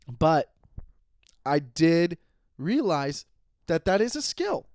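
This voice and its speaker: 30s guy rambling on his own comedy podcast, jokey and self-aware, slightly high voice, dry close mic. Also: sing-song, very slow, darkish tone, no room sound. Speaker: podcast host. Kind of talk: solo comedy podcast monologue.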